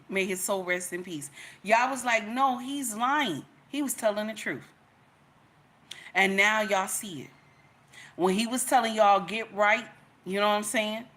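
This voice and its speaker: Middle-aged woman livestream host, bright voice, emphatic and repetitive. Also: medium pitch. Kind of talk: casual livestream commentary.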